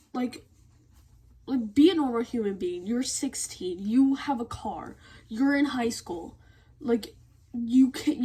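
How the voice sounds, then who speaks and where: Husky-voiced teenage girl ranting. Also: on the high side. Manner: blunt, exasperated ranting with constant "like" fillers. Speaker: vlogger. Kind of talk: casual rant to camera.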